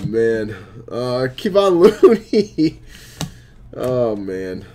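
A man's voice: fairly high pitch, big pitch swings, measured pace, darkish tone, a little hiss or hum. A man hosting a live stream, opening packs of cards and chatting with viewers as he calls out each card.

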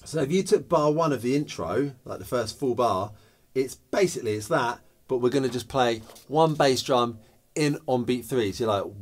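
A man's voice: medium pitch, fairly quick, background noise. Male drum teacher, patient step-by-step explainer who counts beats aloud and beatboxes the grooves. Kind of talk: instructional drum lesson.

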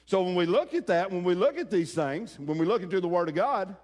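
A man preaching a sermon, talking folksy and direct with the congregation and rising to shouts. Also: sits high, lively intonation, fairly quick. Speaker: pastor.

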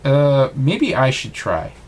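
The Beast, a dad playing a grumpy huge beast. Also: male voice, mid-range voice, huge pitch swings, takes it slowly, full character voice.

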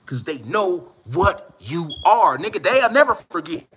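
A man delivering a slang-heavy, preaching-style monologue outdoors, building to shouted emphasis. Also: sits high, very animated, measured pace, slightly rough. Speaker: online spiritual speaker. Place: outdoors in the mountains.

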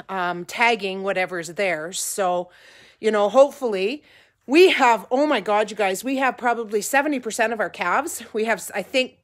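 A middle-aged woman talking casually to her vlog viewers from her kitchen, rambling and a little teary. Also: on the high side. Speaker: vlogger, ranch owner. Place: home kitchen.

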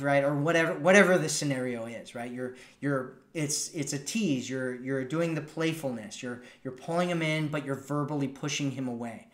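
A man giving casual dating advice on a live stream and acting out example lines in a relaxed, conversational way. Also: medium pitch, moderate pace, hardly any pauses, roomy sound. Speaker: dating coach. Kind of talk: live-stream coaching talk.

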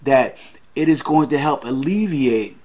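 A man's voice: medium pitch, animated, measured pace, darkish tone. A man hosting a podcast, giving an earnest motivational monologue, repeating his key lines and calling his listeners guys. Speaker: podcast host.

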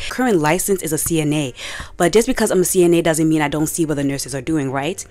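A young woman vlogger telling a story in a casual, animated, slangy way. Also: deep voice, fast, dry recording. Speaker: commentary vlogger. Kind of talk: casual commentary.

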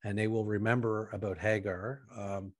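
A man from Canada hosting a podcast interview, asking long, halting questions that trail off quietly. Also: fairly low pitch, little pitch movement, crowd noise. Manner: halting, many fillers and restarts, trails off quietly. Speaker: podcast host.

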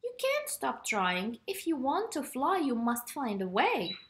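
A woman's voice: high voice, huge pitch swings, measured pace, heavily acted. A woman voicing a friendly, encouraging farm cat in a children's storybook.

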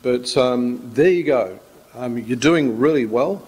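Husky pastor in an echoing hall. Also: male voice, mid-range voice, slow, a little mellow. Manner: rambling, joking anecdotes. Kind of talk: informal sermon talk. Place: church hall. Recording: echoey church hall.

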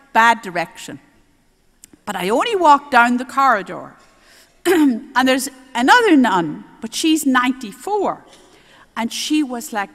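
Lively older Irish nun in a big hall. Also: female voice, high voice. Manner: animated, homely storytelling with lively quoted voices. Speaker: nun preaching at a healing service. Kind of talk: storytelling sermon. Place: large exhibition hall. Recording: long hall reverb.

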